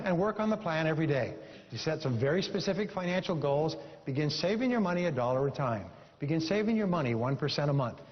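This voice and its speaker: A man giving a live motivational seminar speech to an audience, emphatic and repeating lines for effect, telling a story with animation. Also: on the high side. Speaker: motivational speaker. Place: seminar hall before an audience. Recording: echoey hall, dull lo-fi sound.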